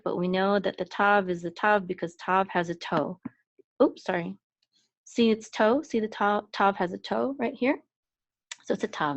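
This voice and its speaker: A woman teaching a language lesson in a patient, explanatory way, pausing often with fillers and restarts. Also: on the low side, no room sound. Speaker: Hebrew and trope teacher, podcast host.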